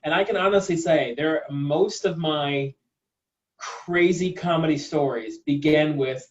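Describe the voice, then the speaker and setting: A man's voice: fairly high pitch, a little slow. Chatty man on a lo-fi video call. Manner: chatty with frequent fillers like "like" and "uh". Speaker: comedian. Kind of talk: casual chat on a video call.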